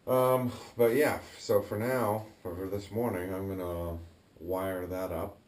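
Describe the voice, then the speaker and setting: A man talking casually as he works on his home boiler, thinking aloud with fillers and throat clearing. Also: sits low, fairly even intonation, takes it slowly, a little mellow. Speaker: DIY builder vlogging his project. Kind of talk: casual talk-through while working. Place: garage boiler room, indoors. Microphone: action camera.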